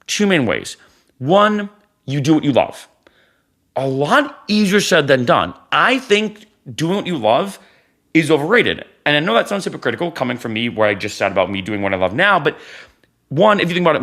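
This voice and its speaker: A man's voice: on the high side, fairly bright tone. A man in his thirties talking to camera in a casual, earnest way, giving life advice and repeating phrases for emphasis. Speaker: vlogger.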